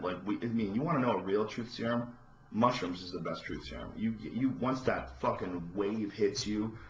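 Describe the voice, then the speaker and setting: Ranting man, low roomy voice. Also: a little hiss or hum. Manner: profane, ranting, rising to shouts. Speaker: podcast host. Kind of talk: impassioned monologue. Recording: roomy, dull lo-fi podcast audio.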